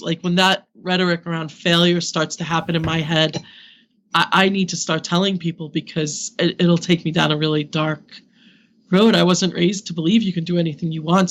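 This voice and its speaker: In a frank interview on a podcast, a Brooklyn, New York social media consultant in her fifties talks with animation and laughs frequently. Her voice is on the low side, and the audio carries a slight hiss or hum.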